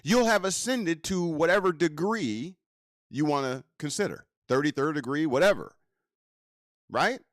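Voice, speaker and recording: A man's voice: animated, no echo, clean studio sound. A man giving a casual lecture. He keeps asking the listener rhetorical questions. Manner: slow, drawn-out delivery with wide pitch swings. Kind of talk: casual teaching talk.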